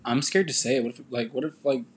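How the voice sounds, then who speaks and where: A young man co-hosting a podcast, talking loud and blunt in casual chat. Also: medium pitch, fast, slight background noise. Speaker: podcast co-host.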